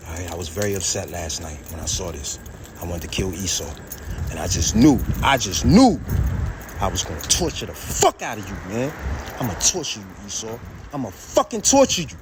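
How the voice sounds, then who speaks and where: A man's voice: medium pitch, very animated, a little fast, a little hiss or hum. A man vlogging outdoors, rambling in a heated, preachy way, quoting scripture and trailing off into mutters. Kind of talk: rambling street vlog with scripture quotes.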